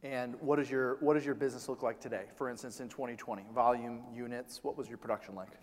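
A male host asking questions in an interview, energetic and often rephrasing himself. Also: mid-range voice, quick pace, big-room sound.

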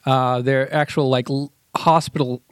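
A man co-hosting a podcast, speaking in an unhurried, hesitant way with many fillers. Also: mid-range voice, level tone, smooth, no room sound, studio quality. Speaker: podcast co-host. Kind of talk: casual podcast chat.

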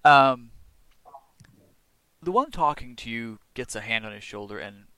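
A man narrating as game master of a tabletop role-playing game, chatty and quick to laugh. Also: medium pitch, lively intonation, pushed and bright, clean tone, no room sound.

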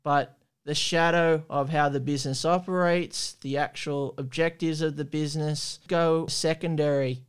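A man from Australia hosting a podcast, speaking in a measured, thoughtful way and putting questions to his co-host. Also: fairly high pitch, fairly even intonation, smooth. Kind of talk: casual conversational commentary.

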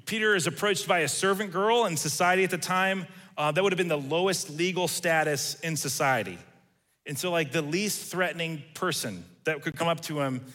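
Male preacher, casual sermon delivery, bright tone, big reverberant room. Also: fairly high pitch, normal speed. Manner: conversational, acts out quoted lines. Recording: reverberant hall.

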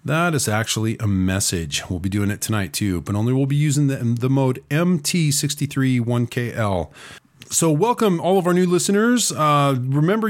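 A man recovering from a cold, talking around a lozenge while he hosts a talk radio news and commentary show. He fills his speech with "uh" and throws in sarcastic asides. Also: mid-range voice. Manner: sarcastic asides, frequent "uh" fillers.

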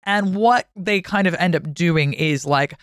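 A woman historian talking as a podcast guest in a casual, chatty way, swearing freely and acting out historical figures in quick asides. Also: lowish voice, smooth, no echo, clean studio sound.

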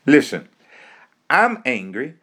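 A man's voice: mid-range voice, wildly swooping pitch, slow, fairly bright tone, husky. An American man giving an impassioned, sermon-like speech. He builds it on a repeated refrain and rhetorical questions. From United States.

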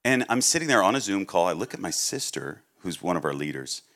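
A middle-aged man from Massachusetts, a guest preacher telling stories in a sermon, swinging between loud outbursts and quiet asides. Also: sits low, big pitch swings, fairly quick. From Massachusetts, USA. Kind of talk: sermon with storytelling.

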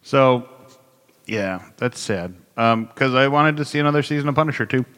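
A man's voice: mid-range voice, normal speed, a bit bright, long reverb tail. A man co-hosting a casual podcast chat, talking loosely and laughing easily. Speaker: podcast co-host.

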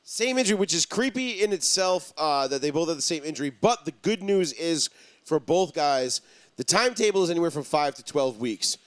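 Guy hosting a sports podcast, jokey and loose, slightly high voice, dry close mic. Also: expressive, fairly quick, no echo. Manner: joking, loose, hypes the show. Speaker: podcast host. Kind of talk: casual sports radio chat.

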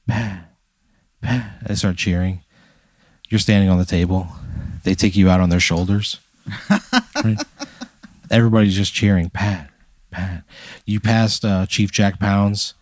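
A man's voice: sits low, a little mellow, no room sound, studio quality. A man co-hosting a comedy podcast, telling a long, dramatic hypothetical story in the second person. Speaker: podcast co-host. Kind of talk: comic storytelling.

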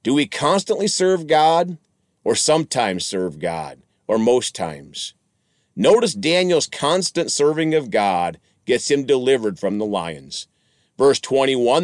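A man's voice: mid-range voice, big pitch swings, slow, no room sound, clean studio sound. A man reading Bible verses aloud and commenting on them for his listeners in the manner of a sermon. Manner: reads verses, then addresses listeners as friends and folks. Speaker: preacher.

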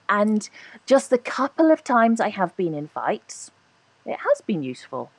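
A posh-voiced woman appears as a guest on a podcast, chatting very animatedly in a casual interview, laughing often and hedging her points. Her voice is medium-pitched and darkish, and her pace is measured.

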